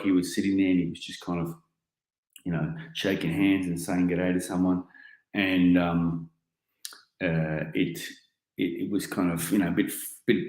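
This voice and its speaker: An Australian man in his forties giving a keynote talk, telling an animated story full of casual slang. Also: low-pitched. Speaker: keynote speaker. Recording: roomy echoing hall.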